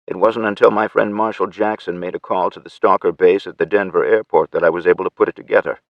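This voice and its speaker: A deep, low male voice reading an audiobook in first person, measured and steady. The sound is very dry, with no room around it. The audio is slightly dull and lo-fi. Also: dry recording. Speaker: audiobook narrator. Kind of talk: scripted first-person narration.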